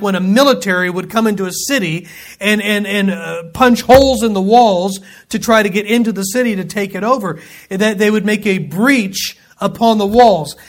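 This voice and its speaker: Man, high-pitched, folksy Bible teacher; casual verse-by-verse study with joking asides. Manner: folksy, joking asides between scripture readings.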